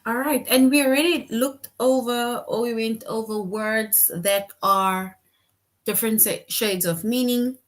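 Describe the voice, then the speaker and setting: Female teacher, slow unhurried delivery, patient question-led explaining. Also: a little high. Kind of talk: online class lesson.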